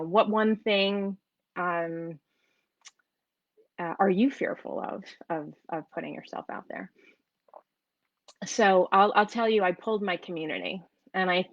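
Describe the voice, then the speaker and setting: A woman's voice: mid-range voice, no echo. Jersey/ny accent lady chatting on a livestream, lots of restarts, dry slightly dull sound. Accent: New York and New Jersey. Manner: chatty, storytelling, many restarts. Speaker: online business coach. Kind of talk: live-streamed casual talk.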